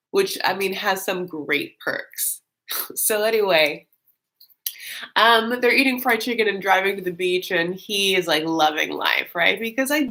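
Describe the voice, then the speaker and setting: A woman's voice: mid-range voice, a bit bright. A woman hosting a live stream, chatting casually and rambling with lots of fillers and giggles. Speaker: live-stream host reacting to a reality show.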